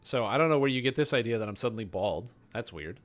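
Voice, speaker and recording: A young man from Canada talks fast and animatedly as he streams a game, his voice at an everyday middle pitch. He responds to his chat loosely, wandering into tangents and poking fun at himself.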